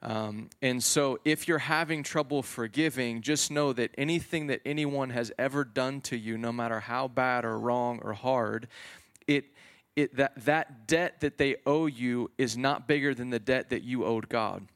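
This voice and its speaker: A man preaching a sermon to a congregation in a relaxed, conversational way, with casual slang and frequent fillers. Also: medium pitch, measured pace, smooth. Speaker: pastor. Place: church hall before a congregation.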